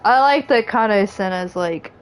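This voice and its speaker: A woman's voice: mid-range voice, lively intonation, measured pace, a little hiss or hum. A woman streaming a game, reading the characters' lines aloud and joking about them, laughing often. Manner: jokey, laughs often, puts on voices. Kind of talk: reading game dialogue aloud with casual commentary.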